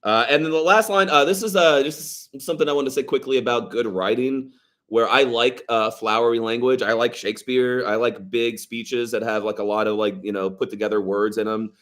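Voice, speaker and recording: A man co-hosting a casual film podcast, talking through his favorite lines with an easy, conversational manner. He slips into quick impressions of characters as he quotes them, with a voice of middling pitch. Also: steady tone, a bit bright. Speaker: podcast co-host. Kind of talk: casual movie review chat.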